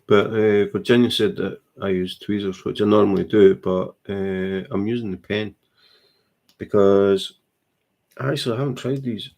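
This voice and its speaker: A man's voice: on the low side, steady tone, normal speed, gravelly, darkish tone. A Scottish man chatting casually at home about his crafting hobby, plainspoken and dry. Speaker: co-host, diamond painting hobbyist. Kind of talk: casual chat. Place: home, indoors.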